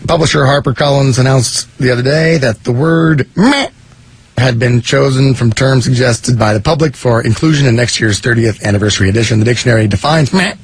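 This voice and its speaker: A man's voice: mid-range voice, a little fast, slightly rough, low-quality recording. A man hosting a radio show, reading news items with playful asides in morning banter.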